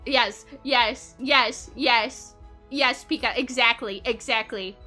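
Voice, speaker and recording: High, bright, giggly young woman streamer. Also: slow pace, faint music behind. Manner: giggly, chatty, laughs often between sentences. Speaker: streamer chatting with live chat. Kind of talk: casual live-stream chat.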